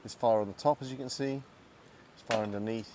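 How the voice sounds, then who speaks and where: A man's voice: mid-range voice, fairly even intonation, brisk, noisy background. A man hosting an outdoor cooking vlog, chatty and self-deprecating as he talks through each step. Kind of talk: casual cooking vlog narration. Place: outdoors in woodland.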